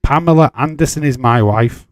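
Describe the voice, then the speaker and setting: The host is a man with a mid-range voice at normal speed, recorded dry. His casual live commentary mixes reading viewer chat, teasing the audience, updates on the match, and plenty of swearing.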